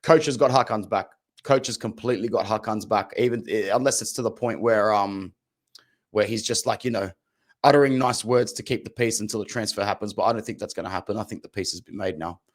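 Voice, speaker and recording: A man hosts his own fan channel in a casual reaction style. His voice sits a little low. He talks bluntly and chattily and tends to say a phrase twice. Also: a little fast.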